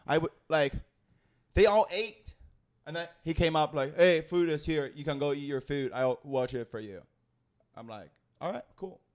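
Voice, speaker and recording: Man, from China, non-native English, high pitch, animated, restarts often. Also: moderate pace. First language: Chinese. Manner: animated, profane, frequent restarts. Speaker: comedian guest. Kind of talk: casual storytelling.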